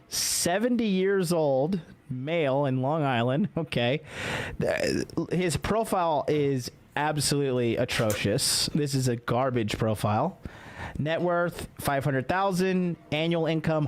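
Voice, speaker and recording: A young man hosting a podcast live stream, chatting casually in a brash, joking, profane way. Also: medium pitch. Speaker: podcast host.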